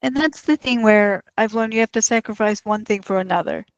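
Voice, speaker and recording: A woman's voice: mid-range voice, brisk, dry recording, highs cut off. A woman from Arkansas and Texas co-hosting a podcast, chatting casually with wry replies. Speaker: podcast co-host. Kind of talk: casual chat.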